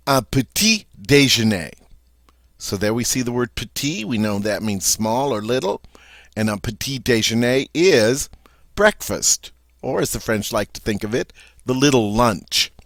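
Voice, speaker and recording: A man teaching a vocabulary lesson, saying each word three times slowly and explaining it in plain terms. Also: medium pitch, dry recording. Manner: repeats each French word three times, slow and deliberate. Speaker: French teacher. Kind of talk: vocabulary lesson with repeat-after-me drills.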